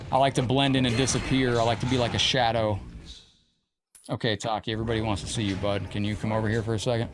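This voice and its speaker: A man's voice: mid-range voice, fairly even intonation, fairly quick, music in the background. Chatty male gaming streamer. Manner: chatty, talks to his cat and viewers. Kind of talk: casual live-stream chat.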